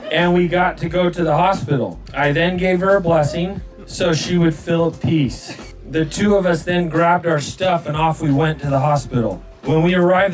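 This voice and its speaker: A middle-aged father reading aloud an old journal entry, with soft chuckles. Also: fairly high pitch. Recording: distant from mic with clear music behind.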